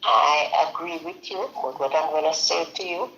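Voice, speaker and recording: A live stream host with a Jamaican accent talks casual politics, cutting in to tell stories. His mid-range voice has a sharp tone at normal speed, heard in an echoey room with the highs cut off.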